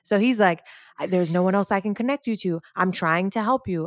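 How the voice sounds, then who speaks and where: Animated woman telling a frustrating story. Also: brisk, dry recording, studio quality. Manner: animated, quotes others in lowered voice, rises when exasperated. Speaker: podcast co-host. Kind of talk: casual storytelling chat.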